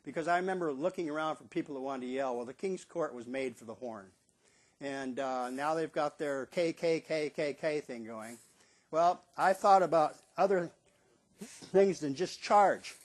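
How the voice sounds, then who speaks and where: Older man with a slightly high voice, telling animated stories. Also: moderate pace. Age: 70s. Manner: animated storyteller who acts out quotes in a raised voice. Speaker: stadium bugler. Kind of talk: casual storytelling monologue.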